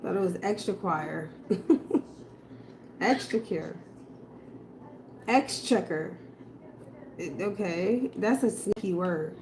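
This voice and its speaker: A woman in a casual reaction video, slowly repeating a hard word and laughing at herself. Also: on the low side, a little mellow, slight background noise, low-quality recording. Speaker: tarot reader and video creator.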